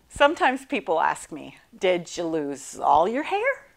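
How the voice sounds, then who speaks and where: A middle-aged woman and cancer survivor telling her own story in a class talk, animated and self-deprecating, laughing often. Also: on the low side, measured pace, creaky.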